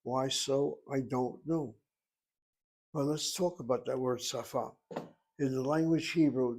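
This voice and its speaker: A man in the middle of a recorded language lesson, with a voice at an ordinary middle pitch. He works methodically through pronunciation and syllables, stops to ask rhetorical questions and then answers them himself, like a patient teacher. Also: darkish tone. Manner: methodical, explains pronunciation step by step; thinks aloud with rhetorical questions. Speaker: Hebrew teacher.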